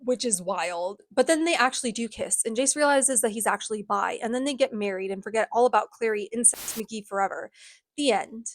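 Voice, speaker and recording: A woman recaps books with sarcasm and over-the-top asides. Her voice sits a little high, and the sound is close and dry. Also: a little fast, hardly any pauses, no room sound. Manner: sarcastic, dramatic. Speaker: book reviewer. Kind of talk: casual book recap.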